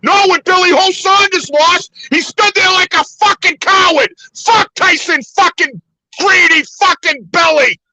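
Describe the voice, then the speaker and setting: Hungover male caller, high bright voice, swears nonstop, yells at traffic. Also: unhurried, dry recording, rough recording. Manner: angry, shouting at other drivers while driving. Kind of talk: profane ranting chat.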